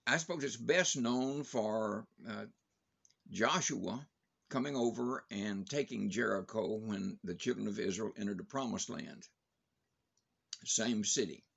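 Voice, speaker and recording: A man's voice: fairly low pitch, unhurried, vocal fry, slightly rough, dull audio. An older man giving a daily Bible devotion in a plain, conversational way, with fillers and restarts.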